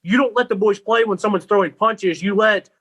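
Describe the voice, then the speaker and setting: A man's voice: high-pitched, brisk, fairly bright tone, husky. A young man co-hosting a sports podcast, telling stories in an easygoing, chatty way. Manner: easygoing storytelling with fillers. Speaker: podcast co-host. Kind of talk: casual sports podcast chat.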